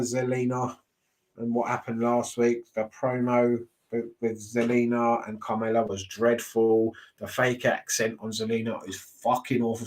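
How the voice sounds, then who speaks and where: A man, casually reacting to wrestling shows, blunt and ranting, swearing freely. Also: mid-range voice.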